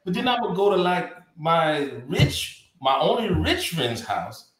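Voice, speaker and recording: A man's voice: very animated, unhurried, a bit bright. A man in his thirties co-hosting a podcast, chatting casually and playfully with teasing jokes. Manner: playful, teasing, big swoops of pitch for jokes. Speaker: podcast co-host. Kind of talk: casual chat. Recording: echoey room.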